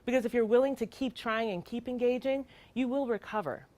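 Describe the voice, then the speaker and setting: A woman's voice: on the high side, brisk, darkish tone, dry recording. A middle-aged woman, a child welfare worker, giving an earnest, emphatic training talk with rhetorical questions.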